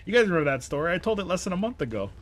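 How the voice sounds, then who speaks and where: A man streaming live, telling funny childhood stories in a casual, animated way, laughing often and acting out the people he quotes. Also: sits high, racing. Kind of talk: casual storytelling to a live chat.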